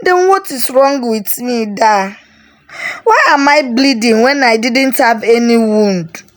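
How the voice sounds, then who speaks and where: A woman's voice: a little high, lively intonation, slow pace. A woman voicing a tearful pleading young girl. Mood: pleading, scared. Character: frightened pleading teenage girl.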